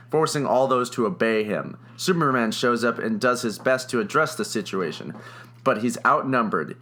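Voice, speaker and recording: Bright-voiced young man retelling a plot. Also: medium pitch. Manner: chatty, laughs often, many fillers. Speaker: podcast co-host. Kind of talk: casual comedic plot retelling.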